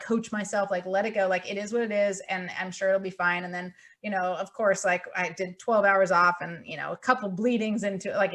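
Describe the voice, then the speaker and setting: A young woman hosting a podcast, telling a story in a lively, animated way and acting out her own thoughts. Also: mid-range voice. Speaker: podcast host. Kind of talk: casual chat.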